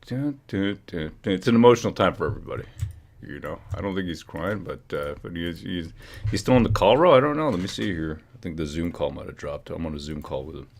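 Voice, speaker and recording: A man's voice: low voice, expressive, quick pace, gravelly. A man hosting a casual livestream, joking and teasing, humming and muttering to himself while he works at his computer. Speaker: livestream host.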